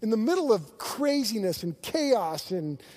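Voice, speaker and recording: A man preaching a sermon in a high voice at an unhurried pace. He stumbles over restarts, then swells with earnest intensity as he drives each point home. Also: very animated, a little mellow. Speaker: pastor.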